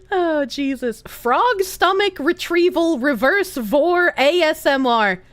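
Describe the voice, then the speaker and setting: Giggly high-voiced woman streamer. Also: animated, takes it slowly, a bit bright. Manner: giggly, chatty, reads chat aloud. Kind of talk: casual live-stream chat.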